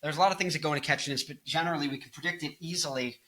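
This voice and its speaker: Speaking rapid-fire, this twenty-something music video host rambles loosely through his commentary, cracking jokes, drifting off topic and slipping into silly bits. His bright, forceful voice sits a little high for a man, and there's a little hiss or hum in the background.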